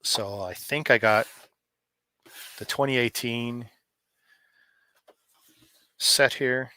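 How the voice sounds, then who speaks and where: A man's voice: mid-range voice, very slow, sharp tone, no echo. A middle-aged man from Canada chatting to viewers by name on a live stream, rambling and joking between stories. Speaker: live streamer opening advent calendars. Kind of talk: casual live-stream chat.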